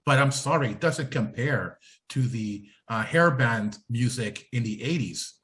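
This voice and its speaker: A man's voice: mid-range voice, expressive, a little slow, a bit bright. A man on a podcast panel, giving blunt and strongly opinionated views in a casual talk.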